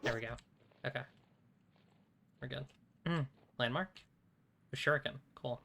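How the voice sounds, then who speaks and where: A man streams a video game and narrates his moves in loose, chatty bursts. He mutters, swears freely and thinks aloud. His voice is bright and tense, at a middle pitch for a man. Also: unhurried, vocal fry, a little hiss or hum. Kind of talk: casual live gameplay commentary.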